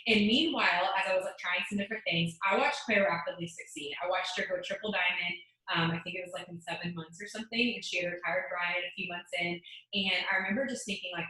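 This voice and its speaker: A woman's voice: mid-range voice, fairly even intonation, bright, forceful tone, heavy reverb, rough recording. A woman in her late twenties giving an earnest motivational talk on a video call, full of "like" fillers. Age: late 20s. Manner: fast, earnest, many "like" fillers. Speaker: guest speaker.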